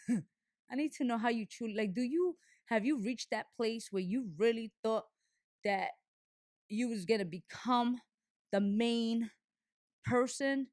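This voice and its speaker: A young adult woman with a fairly high voice hosts a casual show monologue. She talks candidly and animatedly, and stops and restarts her sentences often. The recording is dry and close, with no room sound. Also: takes it slowly, pauses often, darkish tone, no room sound. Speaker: show host.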